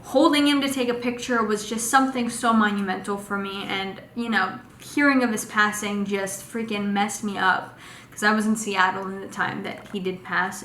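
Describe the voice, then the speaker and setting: Young woman vlogging a story, bright chatty voice, lots of likes, echoey room. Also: medium pitch. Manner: animated, acts out quotes with lots of fillers. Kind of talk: casual storytelling. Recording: echoey room with faint noise.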